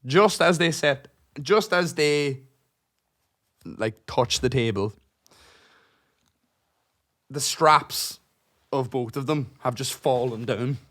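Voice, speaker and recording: A man, co-hosting a casual podcast and telling an animated story full of swearing. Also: mid-range voice, takes it slowly, pauses often. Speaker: podcast co-host. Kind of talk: casual chat.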